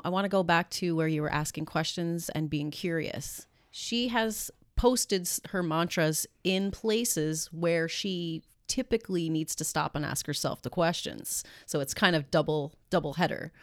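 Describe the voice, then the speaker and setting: Low-voiced woman, teasing podcast chat. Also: no echo, studio quality. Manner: warm, teasing, laughs along. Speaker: podcast co-host. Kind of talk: casual advice chat.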